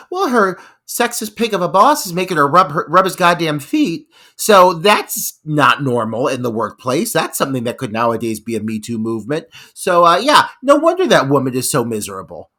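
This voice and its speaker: A man's voice: a little high, big pitch swings, a little fast, few pauses, bright, forceful tone. A man on a movie podcast giving exaggerated, profane reactions in casual chat. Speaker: podcast guest or co-host.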